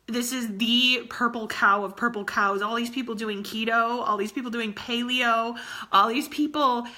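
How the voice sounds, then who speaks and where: This earnest, tearful motivational talk comes from a woman in her thirties coaching fitness, who repeats phrases as she addresses her team. Her voice is on the high side, bright and forceful, with a steady tone and moderate pace.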